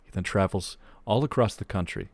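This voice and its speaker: A man's voice: lowish voice, fairly quick, darkish tone, no echo. A young man co-hosting a podcast, reading a long joke aloud in casual chat, laughing as he goes and swearing casually. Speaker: podcast co-host.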